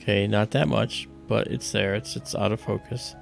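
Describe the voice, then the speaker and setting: A man's voice: on the low side, fairly even intonation, moderate pace, vocal fry, faint music behind. A man hosting an astronomy livestream, explaining things step by step in a loose, casual way.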